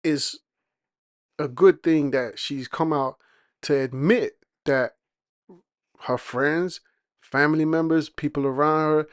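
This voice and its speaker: A man's voice: medium pitch, no room sound, clean studio sound. A man giving reaction commentary on a clip, talking in a scornful, mocking way.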